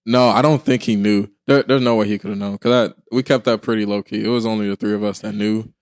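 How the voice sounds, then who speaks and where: A man co-hosting a podcast in casual chat, relaxed and rambling, often restarting his sentences. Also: lowish voice, quick pace, clean tone, no echo, studio quality. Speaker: podcast co-host.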